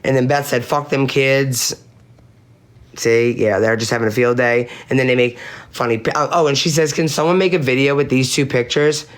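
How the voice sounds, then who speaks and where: A man's voice: mid-range voice, steady tone, normal speed. A man on a live-stream panel recounting online drama in casual chat. He is blunt and profane, reads chat messages aloud, and repeats his points for emphasis.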